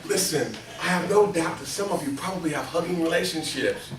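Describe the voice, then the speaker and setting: Animated middle-aged man presenting in an echoey room. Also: brisk, far from the mic, noisy background. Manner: storytelling, asks the audience questions, acts out quotes in a high excited voice. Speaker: seminar presenter. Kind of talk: animated training lecture to a live room. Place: conference room with an audience. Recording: echoey room, speaker away from the mic.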